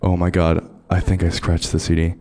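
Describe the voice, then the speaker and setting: A man casually telling a self-mocking story on a panel, laughing often and getting animated. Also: low voice, moderate pace. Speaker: DJ on a convention panel.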